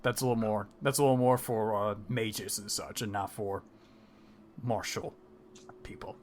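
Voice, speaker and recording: A man's voice: lowish voice, moderate pace, a little hiss or hum. A man running a tabletop game as dungeon master, narrating with lots of fillers and frequent laughter. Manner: animated, laughs often, filler-heavy.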